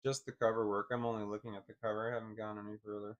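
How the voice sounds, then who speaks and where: A man casually thinking aloud, reading definitions off a screen in a halting, self-deprecating way. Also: lowish voice, flat delivery, dull audio. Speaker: vlogger.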